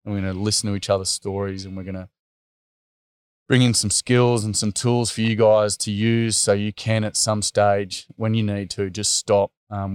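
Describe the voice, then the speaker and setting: A middle-aged Australian man telling a heartfelt story in an interview, earnest and halting, with many pauses and restarts. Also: lowish voice, clear, resonant tone, dry recording, clean studio sound. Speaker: workshop facilitator and guest.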